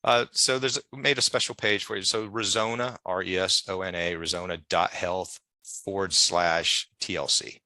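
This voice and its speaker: Deep and steady-toned yet bright and forceful, a man speaks at a moderate pace in a dry recording. He's a guest in an interview, telling long casual stories full of digressions and acting out the people he quotes.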